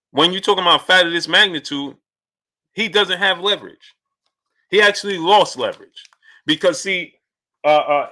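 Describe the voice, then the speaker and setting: Bright-voiced animated male boxing streamer. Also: sits high. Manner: animated, greets viewers by name mid-argument. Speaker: live stream host reading super chats. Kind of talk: casual live-stream boxing talk.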